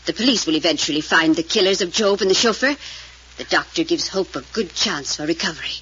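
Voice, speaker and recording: A stern old matriarch, curt and dismissive. Her voice is sharp and breathy. It sounds like a muffled old radio recording. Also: on the low side, animated, fairly quick, exaggerated voice. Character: stern imperious grandmother, family matriarch. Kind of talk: 1940s radio acting.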